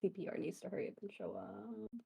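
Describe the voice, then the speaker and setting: A woman's voice: medium pitch, steady tone, brisk, gravelly, dark tone, breathy edge, rough recording. Teasing woman on a video call. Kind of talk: joking chat on a live stream.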